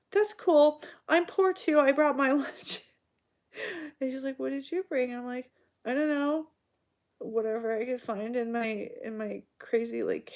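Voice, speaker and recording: A woman in her forties, a radio show host, telling a rambling story in casual chat and acting out the dialogue. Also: mid-range voice. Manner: rambling, animated, acts out quoted dialogue.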